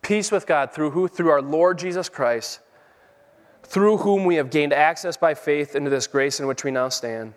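Middle-aged male preacher, fervent sermon delivery, somewhat high voice, long hall echo. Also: normal speed. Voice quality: fervent, rising to emphatic peaks.

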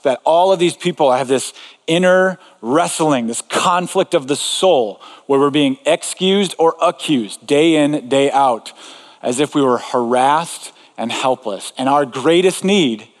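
A man's voice: on the high side, unhurried. Conversational male preacher in a reverberant hall. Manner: conversational, with frequent asides and filler words. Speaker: pastor. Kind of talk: sermon. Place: large room before an audience. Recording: long reverb in a large hall.

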